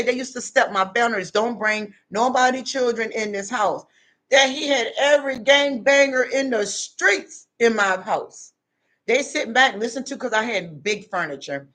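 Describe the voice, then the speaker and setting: A woman's voice: medium pitch, a bit bright. A middle-aged woman talking straight to her viewers in a casual monologue, blunt and plain-spoken with street slang. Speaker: vlogger giving life advice.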